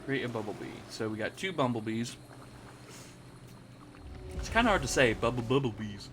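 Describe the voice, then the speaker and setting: Lively young man narrating a card game. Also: moderate pace, background noise. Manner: animated, jumps into high squeaky exclamations. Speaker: gaming channel host. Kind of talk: casual gameplay commentary.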